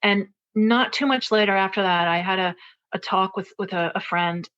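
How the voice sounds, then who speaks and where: A woman guest on an interview show tells a personal story in an earnest, searching way. She thinks out loud and often stops to restart a sentence. Her voice sits at a middle pitch, and the recording sounds muffled and lo-fi. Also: moderate pace. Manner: earnest, thinks aloud with many fillers and restarts. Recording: dull, lo-fi interview audio.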